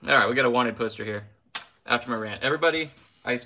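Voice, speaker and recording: A young man with a mid-range voice talks fast in a sharp tone while hosting a casual live stream. He rants heatedly, then laughs it off with an apology and reads viewer names aloud.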